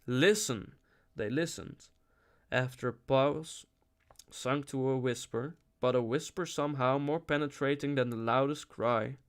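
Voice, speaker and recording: A man reading a novel aloud in an expressive, dramatic style, lingering on phrases. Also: mid-range voice, a little slow. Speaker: audiobook reader.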